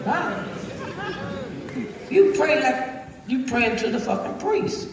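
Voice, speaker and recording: A man's voice: very high voice, animated, takes it slowly, background noise. Older man preaching stand-up in echoing hall. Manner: profane, preachy, keeps asking "Huh?". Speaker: stand-up comedian. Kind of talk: stand-up storytelling to a live audience. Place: large auditorium. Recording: echoey hall recorded from far off.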